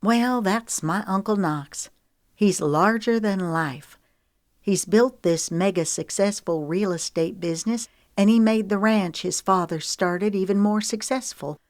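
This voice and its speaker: A woman's voice: mid-range voice, unhurried, dry recording, clean studio sound, voice pushed up, lightly acted. Woman voicing a wry young woman singer. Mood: rueful.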